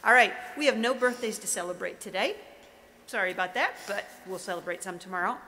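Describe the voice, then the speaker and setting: A woman's voice: mid-range voice, expressive, brisk, pushed and bright. A middle-aged woman hosting morning school announcements in an upbeat, chatty, encouraging way. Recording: reverberant room with faint noise.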